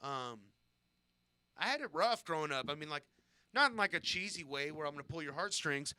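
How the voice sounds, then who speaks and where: Streamer guy in his 30s, southern california, swears a lot while rambling through stories, bright forceful voice. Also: on the high side, lively intonation, brisk, smooth, dry recording. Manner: rambling, profane, self-deprecating storytelling. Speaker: live streamer. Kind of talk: casual storytelling on a live stream.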